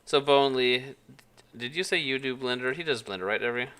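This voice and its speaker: A woman's voice: a bass voice, brisk, fairly bright tone. A woman streamer chatting casually while she works, thinking aloud and judging her own work. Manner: thinks aloud, self-critical. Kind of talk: casual live-stream chat.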